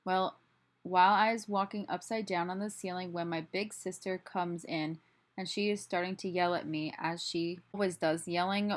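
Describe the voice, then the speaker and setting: A woman teacher reading a children's book aloud, telling the story expressively with lively voicing. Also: fairly low pitch, moderate pace.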